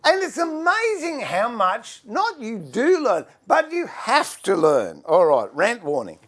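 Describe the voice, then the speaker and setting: A man's voice: very high-pitched, wildly swooping pitch, unhurried, a bit bright. An older Australian man hosting a casual livestream from his workshop, chatting, greeting viewers by name and fiddling with his gear as he talks. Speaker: livestream host and furniture maker.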